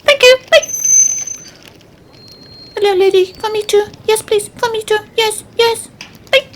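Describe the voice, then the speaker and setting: A woman's voice: very high voice, measured pace, slight background noise. A woman voicing a timid little park animal that whimpers and begs for food. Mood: pleading. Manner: whimpering, pleading. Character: timid small park creature begging for food.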